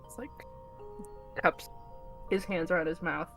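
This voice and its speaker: Slow-talking woman tabletop player. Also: fairly low pitch, fairly bright tone, soft background music. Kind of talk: casual chat.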